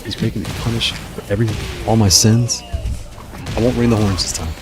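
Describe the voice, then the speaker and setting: Playfully trash-talking his opponents and then swiftly saying sorry, a gaming streamer chats casually about his fighting game matches. His voice is lowish, and music plays underneath.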